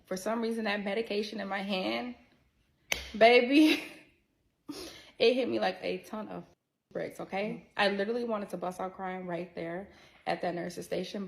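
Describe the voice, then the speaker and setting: A woman tells a personal story to her viewers in a chatty, expressive way. Her voice carries a gravelly vocal fry and sits at a middle pitch. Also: moderate pace. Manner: works in healthcare. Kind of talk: casual story-time monologue.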